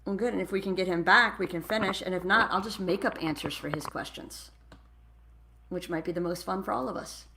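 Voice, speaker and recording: Woman host on a headset, upbeat, firing off quick questions on a live show. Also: lowish voice, gravelly, noisy background. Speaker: podcast host. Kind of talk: live podcast interview.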